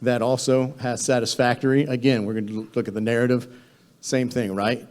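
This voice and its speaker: A man with a mellow, warm-toned voice leads a live training session on government contracting. He talks in a loose, conversational way, full of "um"s and self-corrections, at an ordinary pitch. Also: little pitch movement, brisk. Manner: conversational, many fillers and restarts.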